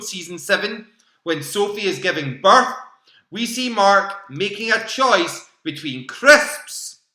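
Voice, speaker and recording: Bright-voiced British man hosting a quiz. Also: high-pitched, reverberant. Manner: chatty, laughs often, repeats questions. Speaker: quiz host. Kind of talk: live online quiz hosting. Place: home room. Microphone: home computer mic.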